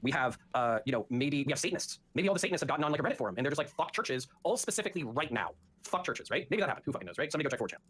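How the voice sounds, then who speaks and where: A man's voice: mid-range voice, sing-song, very fast, few pauses, fairly bright tone, husky. A man arguing in an online debate, combative, profane and sarcastic. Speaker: debate participant. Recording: noisy background.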